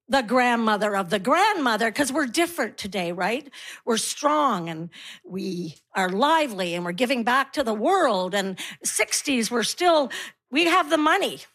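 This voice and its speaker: High-voiced woman in her sixties. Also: a bit bright. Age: 60s. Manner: dry, self-mocking delivery with playful quoted voices. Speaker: stand-up comedian. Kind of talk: stand-up comedy set. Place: live comedy stage before an audience.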